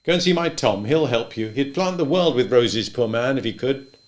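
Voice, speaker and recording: A man voicing a wry, stubborn old male farmer who speaks gently and thoughtfully, a bit louder than his narration. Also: mid-range voice, expressive, normal speed, pitched above the performer's own voice, close to an everyday voice. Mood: wistful.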